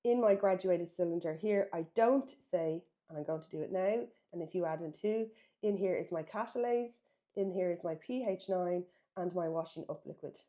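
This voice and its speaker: Irish-raised woman teacher going over exam answers, lowish voice, mellow, stresses key words. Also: normal speed. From Ireland. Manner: instructive, emphatic, self-correcting while writing. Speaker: biology teacher. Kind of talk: exam revision lesson.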